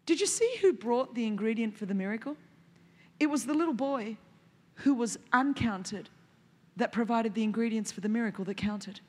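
A high-pitched woman in her forties delivers a lively, funny sermon, slipping into little acted-out exchanges. Her voice rings out with a long reverb trail, as in a large hall. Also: normal speed, slightly rough. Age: 40s. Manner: animated, humorous, acts out dialogue. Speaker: preacher.

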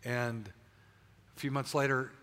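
A man's voice: medium pitch, level tone, unhurried, a bit bright. An older man preaching a sermon in a large church, telling his story candidly with frequent restarts. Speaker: pastor. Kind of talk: sermon with personal testimony. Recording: long church hall reverb.

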